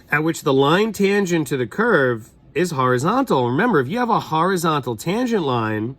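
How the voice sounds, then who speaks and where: A man's voice: mid-range voice, a bit bright. A man, a math teacher talking through a problem in a casual, chatty way and thinking aloud. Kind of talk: recorded classroom lesson walkthrough.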